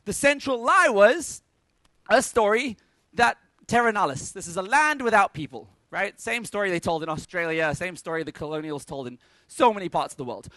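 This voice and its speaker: A man giving a lively conference talk to a live audience, energetic and joking with punchy asides. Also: high voice, normal speed, no echo. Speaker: conference speaker.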